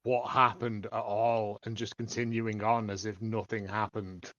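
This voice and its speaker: Bright-voiced guy chatting about a show, slow, kinda lo-fi. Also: fairly low pitch, flat delivery, no room sound. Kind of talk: casual review chat.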